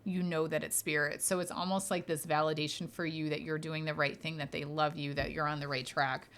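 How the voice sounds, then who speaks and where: Her voice sits low and a bit bright, delivered flatly and fairly quickly. She hosts a casual podcast as a medium, answering questions from listeners in a chatty, reassuring manner, with frequent fillers and light laughs.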